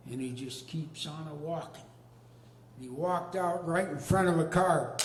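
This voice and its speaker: An older man telling a comic story on stage in a folksy, deadpan drawl. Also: high voice, unhurried. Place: arts venue stage with a live audience. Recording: echoey hall with long reverb.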